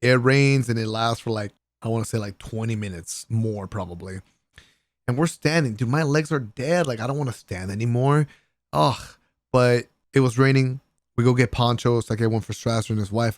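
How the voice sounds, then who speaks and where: A young man talks through his trip in a loose, slangy voice-over, swinging between easygoing recaps and excited bursts where he acts out his friends. His voice sits at an ordinary male pitch and sounds dry and close, with no room around it. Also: moderate pace, no echo. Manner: animated, laughing, swearing, mimics friends in raised pitch. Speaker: vlogger. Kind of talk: casual storytelling vlog voice-over.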